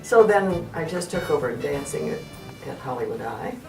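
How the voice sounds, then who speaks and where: An older woman from Texas, a mother, reminiscing in a chatty, unhurried way during a family interview. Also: low voice, lively intonation. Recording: roomy, distant mic, music behind.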